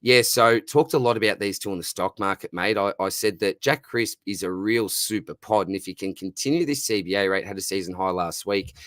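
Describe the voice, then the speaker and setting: A man's voice: on the low side, no echo, clean studio sound. A man with an Australian accent hosting a live Q&A, chatting casually and calling everyone mate. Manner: matey, says "mate" constantly, reads out viewer questions. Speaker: livestream host answering fantasy football questions.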